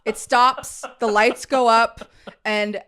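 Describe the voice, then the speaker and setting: A young adult woman co-hosting a casual podcast, telling a story in an animated way and swearing freely. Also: a little high, slow, clear, resonant tone. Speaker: podcast co-host. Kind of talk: casual chat.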